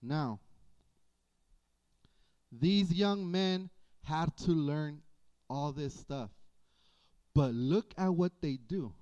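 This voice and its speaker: A man preaching a sermon as pastor, in a folksy, animated way with playful asides. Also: on the high side, very slow, long pauses. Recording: dull lo-fi church audio.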